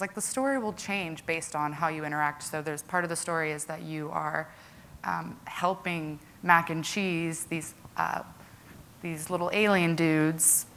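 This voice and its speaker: A woman's voice: on the low side, a bit bright, slight background noise. A young woman giving a casual conference presentation to a live audience, chatty and full of "like" and "um". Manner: chatty, lots of "like" and "um" fillers.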